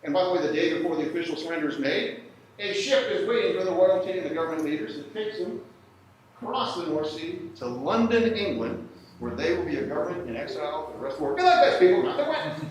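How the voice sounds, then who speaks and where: A man giving a lively live history lecture, often putting questions to his audience. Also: on the high side, quick pace. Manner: animated, asks the audience questions. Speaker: history speaker at a workshop. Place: indoor event room with audience. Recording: echoey room from far off, faint noise.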